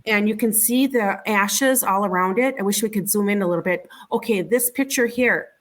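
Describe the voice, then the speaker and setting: A middle-aged woman, an interview guest, recounting a personal experience in a conversational, halting way, often repeating words and restarting her sentences. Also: mid-range voice, slight background noise. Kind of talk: conversational storytelling.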